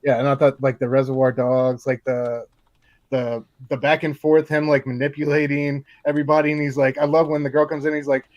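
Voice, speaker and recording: A man's voice: mid-range voice, flat delivery, fairly quick, a little mellow, dry recording, highs cut off. A man on a panel livestream, chatting about comics in a rambling, laid-back way full of restarts. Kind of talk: casual panel chat on a livestream.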